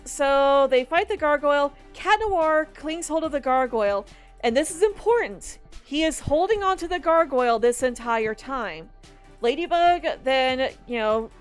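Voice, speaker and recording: A woman rambling through casual movie commentary with a high, clear voice. She stays animated and exasperated, piling on asides as she goes. Soft music plays faintly behind her. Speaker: video commentator.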